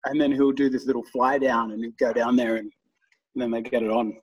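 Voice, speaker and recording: A man tells loose, rambling stories, swearing freely and laughing along as he goes. His voice is husky and sits a little back from the microphone, with a mid-range pitch. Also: little pitch movement, a little fast, recorded from a distance, rough recording. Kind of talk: casual storytelling chat.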